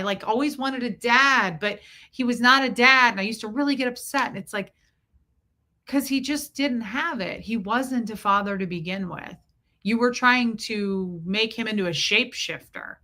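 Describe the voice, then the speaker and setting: A woman's voice: medium pitch, sharp tone. A woman in her forties hosting a casual livestream, rambling and thanking viewers by name as she talks. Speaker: livestream host.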